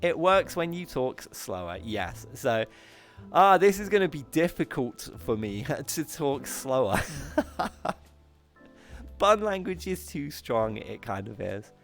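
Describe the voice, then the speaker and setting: A man's voice: a little high, sing-song, slow pace, gravelly, soft background music. A British man hosting a VR talk show livestream, greeting his chat affectionately, giggling often and poking fun at himself. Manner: bubbly and affectionate, giggly, self-mocking.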